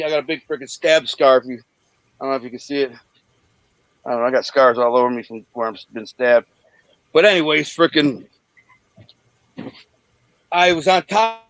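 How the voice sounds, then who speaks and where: A man in his forties from Detroit, bluntly telling rough stories in an interview over a video call, rambling with many restarts. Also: on the high side, dry recording, poor audio. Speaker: interview guest. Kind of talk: candid storytelling in an interview.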